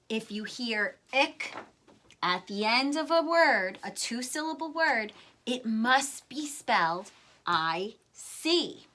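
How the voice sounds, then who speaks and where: Slow, bright-voiced woman teaching spelling. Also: fairly high pitch. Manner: slow, deliberate, sounds out words syllable by syllable. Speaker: first grade teacher. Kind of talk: recorded spelling lesson.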